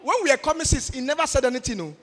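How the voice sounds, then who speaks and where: A man with a Nigerian accent preaching a sermon, animated and telling a story with shouts and quiet passages. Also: very high voice, very fast. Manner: animated, shifting between shouts and murmurs. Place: church hall. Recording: reverberant church hall with faint music.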